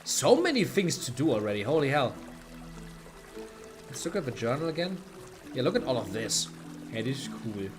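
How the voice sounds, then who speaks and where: A man's voice: mid-range voice, very animated, normal speed, long pauses. A man with a German accent chatting casually while playing a game, thinking aloud and laughing often, with faint game music behind. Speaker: streamer. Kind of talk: casual gameplay commentary.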